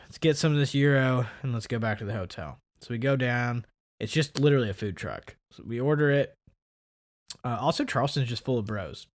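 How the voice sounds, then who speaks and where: A man co-hosting a podcast, telling a story in casual chat and acting out the people in it. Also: fairly quick. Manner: animated, acts out quoted people with big pitch jumps. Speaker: podcast co-host.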